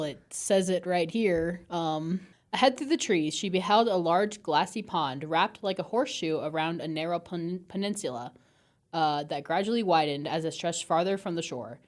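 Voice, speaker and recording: A woman co-hosting a book-discussion podcast, chatting casually and laughing often. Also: lowish voice. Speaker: podcast co-host. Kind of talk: casual book-club chat.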